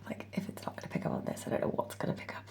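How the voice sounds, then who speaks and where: A woman's voice: racing, a little mellow. A woman talking candidly to her camera in a casual personal vlog, often dropping to a whisper, with a morning voice. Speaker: vlogger and mother of three.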